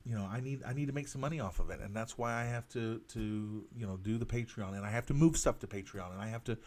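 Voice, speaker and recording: Halting, apologetic man streaming live. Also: on the low side, a little mellow. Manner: halting, stammering, many restarts; earnest, apologetic. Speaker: cartoonist hosting a live drawing stream. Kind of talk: casual live-stream monologue.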